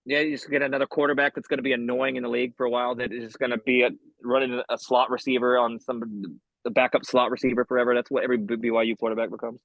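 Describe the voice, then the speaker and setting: A man's voice: medium pitch, flat delivery, racing, creaky, no room sound, dull audio. A man co-hosting a podcast in casual comedic chat, rambling with jokey asides and many restarts. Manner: rambling, jokey, lots of restarts and acted quotes. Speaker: podcast co-host.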